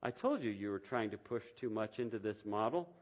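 A man voicing a gentle female angel in a story he reads aloud, sounding skeptical and questioning. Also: fairly low pitch, expressive, brisk, natural voice. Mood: doubtful.

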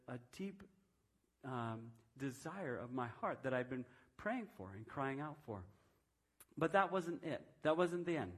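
A man in his fifties telling a personal testimony during a sermon, in a conversational storytelling manner with frequent restarts. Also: mid-range voice. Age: 50s. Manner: self-described reserved personality. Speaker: preacher.

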